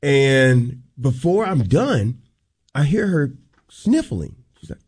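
A man co-hosting a radio show, telling a personal story on air in a casual, earnest, halting way. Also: mid-range voice, big pitch swings, darkish tone, breathy edge.

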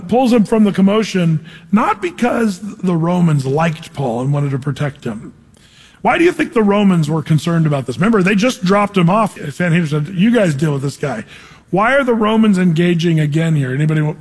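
A high-pitched male pastor teaching verse by verse in a church. His voice carries a long reverb off the hall walls, and he talks in a lively, conversational way, throwing questions out to the listeners. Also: a little fast, breathy edge. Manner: animated, conversational, asks the congregation questions. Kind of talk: expository Bible teaching.

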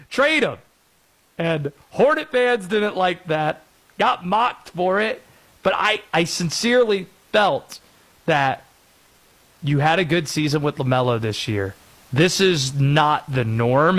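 A man hosting a sports talk radio show, joking and lively. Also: on the high side. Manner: lively, animated, jokey, breaks into put-on voices.

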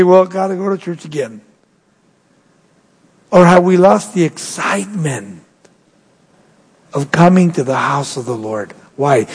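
A man preaching a sermon as pastor, swinging his voice high and low. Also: vocal fry, breathy edge. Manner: preaching with sweeping rises and drops in pitch. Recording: long hall reverb.

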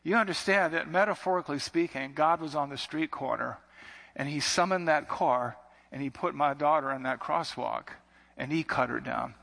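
A man's voice: a little high, moderate pace, gravelly, a bit bright, long reverb tail. A man preaching a sermon as a pastor, building to emphatic repetitions.

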